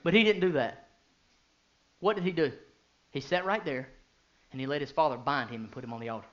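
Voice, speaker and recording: A man in his thirties, a pastor preaching a sermon, who moves from quiet, low talk to loud, fervent bursts and asks the congregation many rhetorical questions. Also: expressive, brisk, muffled recording. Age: 30s.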